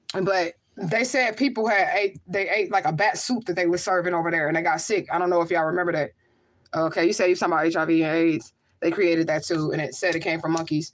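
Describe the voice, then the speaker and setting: Emphatic woman chatting on a livestream. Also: on the low side. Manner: emphatic, rhetorical, keeps asking "okay?" and "y'all remember?". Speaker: livestream host and spiritual medium. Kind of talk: casual livestream chat reading viewer comments.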